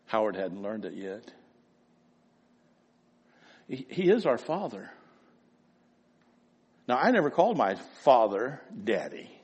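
A man preaching a sermon, telling stories and swinging between loud emphasis and hushed asides. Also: medium pitch, sing-song, takes it slowly, long pauses, slightly rough, big-room sound. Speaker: pastor.

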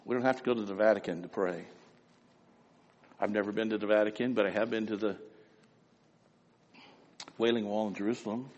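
A man preaching a sermon, telling stories and swinging between loud emphasis and hushed asides. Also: on the low side, fairly even intonation, a little fast, long pauses, long reverb tail, lo-fi sound. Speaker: pastor.

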